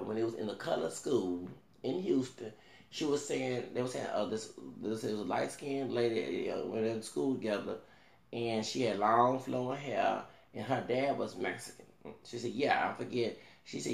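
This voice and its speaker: A man, a vlogger telling a rambling, animated story in casual talk and swearing now and then. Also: medium pitch, vocal fry, reverberant.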